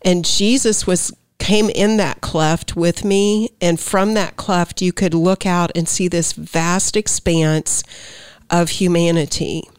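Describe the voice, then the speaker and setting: Woman, smooth clear voice, slightly low, dry close sound, heartfelt storytelling. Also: fairly even intonation, slow pace, dry recording. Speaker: guest sharing testimony. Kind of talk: faith talk show conversation.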